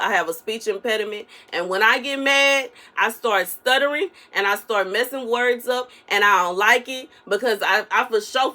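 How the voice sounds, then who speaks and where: A woman delivering a casual spoken prophetic message in her soft everyday voice, repeating phrases for emphasis and often asking "you know what I'm saying.". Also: medium pitch. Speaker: online prophetic minister.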